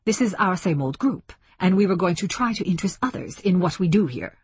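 A woman's voice: on the low side, expressive, brisk, darkish tone, slight background noise, close to an everyday voice. A woman voicing a fussy, precise man who chairs a meeting. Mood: measured. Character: fussy tall bald male chairman.

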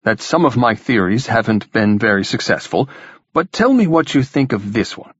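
A man's voice: medium pitch, lively intonation, normal speed, fairly bright tone, husky, no echo. A man reading the part of an eager young man full of theories, in an earnest, keen manner, in a dull lo-fi recording.

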